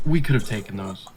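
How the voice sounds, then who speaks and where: A man voicing his character at a tabletop game with dry, wry delivery, his voice at a middle pitch. A faint hiss runs underneath. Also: darkish tone, low-quality recording. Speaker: player. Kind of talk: in-character tabletop role-play.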